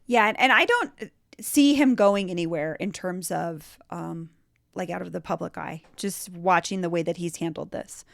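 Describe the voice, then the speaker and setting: A woman hosting a local news podcast, with a bubbly, animated delivery. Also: fairly low pitch, normal speed, creaky, no echo, clean studio sound. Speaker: podcast host.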